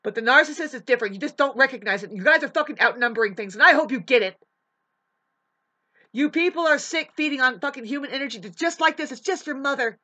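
A woman's voice: high-pitched, lively intonation, fast talker, bright, forceful tone. A woman delivering a heated, preachy vlog monologue, swearing often as she lectures her listeners. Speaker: vlogger. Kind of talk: profane ranting monologue.

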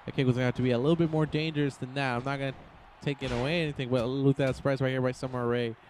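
A man giving excited, rambling play-by-play commentary over a wrestling video game, jumping into sudden shouts. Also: mid-range voice, very fast, a little hiss or hum. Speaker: gameplay commentator.

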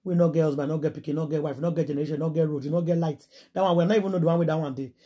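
A woman with a Nigerian Pidgin accent, excitably retelling celebrity gossip with quick asides and exclamations. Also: deep voice, husky, lo-fi sound. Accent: Nigerian Pidgin English. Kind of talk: dramatic gossip storytelling.

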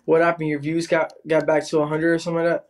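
A man's voice: on the high side, completely flat delivery, fast talker. A man on a casual livestream who taunts his rival and calls out to his viewers. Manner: taunting, teasing, calling out to viewers. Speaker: livestreamer in a live battle.

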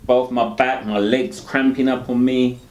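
A man's voice: mid-range voice, little pitch movement, measured pace, a little mellow. A man talking candidly in an interview. He rambles and tags his lines with "you know," often with rueful laughter. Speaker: interviewee, dialysis patient. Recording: roomy echo.

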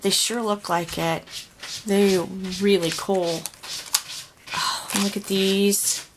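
A woman's voice: mid-range voice, fairly even intonation, takes it slowly, background noise. A woman crafter unboxing a handmade gift in a casual home vlog, gushing and emotional with many sighs and exclamations. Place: home craft room with dog nearby.

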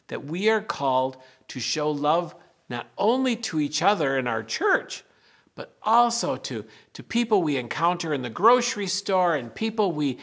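A middle-aged pastor reading a Bible story and giving a children's message, explaining simply and gently. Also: male voice, a little high.

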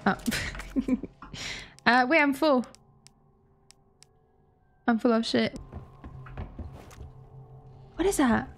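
A woman streamer giving first-time gameplay commentary, excitable, laughing and swearing often as she talks to her chat. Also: high voice, extremely slow, pauses often, faint music behind. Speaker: gaming streamer.

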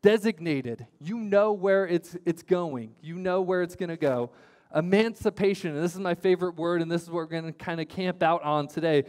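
High-voiced man preaching a sermon. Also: moderate pace, darkish tone. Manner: repetitive emphatic phrasing, many restarts. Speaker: pastor.

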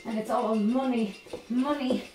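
An actress playing a lively Spanish woman who has moved to Ireland, with a Spanish accent, telling her story in a one-woman theatre monologue with lots of playful laughter. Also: on the high side, unhurried, distant mic, lightly acted. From Spain. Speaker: stage performer. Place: theatre stage. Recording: roomy stage sound from afar, faint music.

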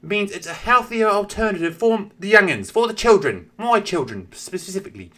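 A man's voice: animated, moderate pace, pushed and bright, full character voice. A man putting on a prim, fussy mother. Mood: pleased. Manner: high falsetto, fussy and indignant. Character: prim mother at a taste test, fussy and puzzled.

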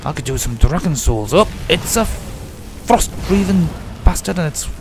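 A man's voice: on the high side, lively intonation, a little slow, background noise. Chatty man with a sore throat. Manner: rambling, chatty, mock-grumbling at the game; drifting in and out of put-on accents. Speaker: let's play gamer. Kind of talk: casual gameplay commentary.

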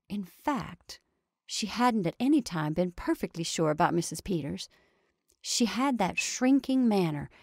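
A woman reading a short story aloud in a measured way, often dropping into a soft whisper. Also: mid-range voice, vocal fry, no room sound, clean studio sound.

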